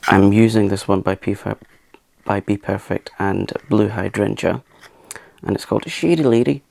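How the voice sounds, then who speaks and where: A man hosting a makeup channel, talking softly through a tutorial in a chatty, self-mocking way and sometimes dropping into a whisper. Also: fairly low pitch, moderate pace, creaky. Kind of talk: soft-spoken makeup tutorial.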